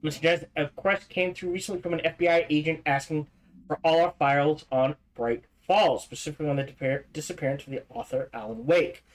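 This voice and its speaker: A man livestreaming a game, reading in-game documents aloud quickly, stumbling over words and restarting, with casual asides in between. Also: a little high, rough recording. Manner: reads fast, stumbles and restarts, adds asides. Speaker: streamer.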